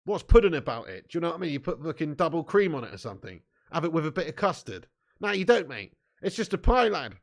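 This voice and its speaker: Chatty lad, laughing. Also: male voice, a little high, sing-song, fast. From southern England. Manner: banters with chat, laughs often, swears, calls everyone mate. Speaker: fan channel host. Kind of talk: live match watch-along chat.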